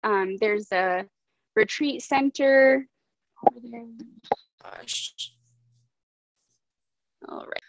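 A woman's voice: mid-range voice, drawn-out words, pauses often, low-quality recording. A woman candidly telling a personal story as a guest, rambling, with many fillers and restarts.

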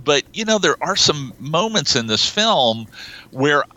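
A man's voice: a little high, unhurried, low-quality recording. A man co-hosting a film podcast, chatting casually and acting out lines he quotes. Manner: animated, acts out quoted lines. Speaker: podcast co-host.

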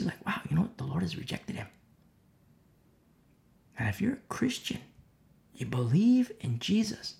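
Impassioned gravelly male preacher. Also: high voice. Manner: impassioned, repetitive, swings between loud and hushed. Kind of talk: sermon.

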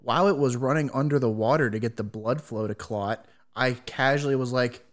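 A man's voice: mid-range voice, a little fast. A man from the US co-hosting a casual hobby podcast, joking and teasing his co-host. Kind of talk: casual chat.

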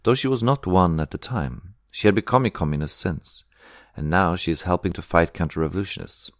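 A man narrating an audiobook with a very deep voice in a measured, steady way. The recording is dry and close with no room sound. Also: no room sound. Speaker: reader.

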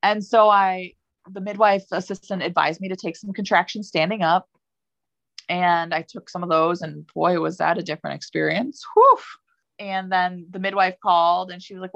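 Young woman with gravelly, low, chatty voice. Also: no echo. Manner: chatty, many fillers, lively when quoting herself. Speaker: podcast guest. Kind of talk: casual personal storytelling. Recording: dull lo-fi, dry sound.

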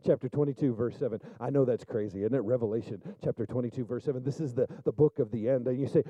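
A male pastor preaching a sermon, telling stories and building up to loud, fervent peaks. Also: medium pitch, quick pace, hardly any pauses, no room sound, phone-quality sound. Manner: storytelling preacher, rises to loud fervent climaxes.

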